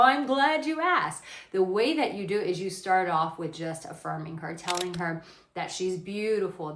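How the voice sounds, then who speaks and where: Blunt, animated woman dating coach. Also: medium pitch. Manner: blunt, animated, swears casually. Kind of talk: casual advice to camera. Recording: roomy echo.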